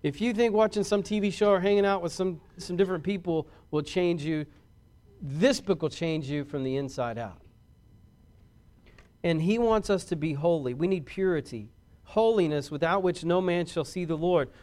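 A man preaching a sermon as a pastor, folksy and rising louder on key points. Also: fairly high pitch, normal speed.

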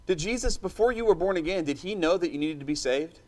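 A man's voice: sits high, expressive, quick pace. A man preaching a sermon with passion and emphasis, stopping to ask his listeners for an "amen.". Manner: impassioned, emphatic preaching with call-and-response asides.

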